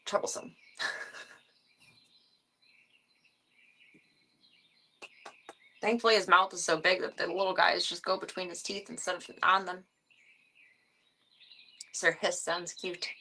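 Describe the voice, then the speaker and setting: A young woman streaming from home, chatting casually with viewers about her pets, giggly and talkative. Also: bright, forceful tone. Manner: chatty, giggly, talks in a high sing-song baby voice to her cats. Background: bird sounds and fan noise.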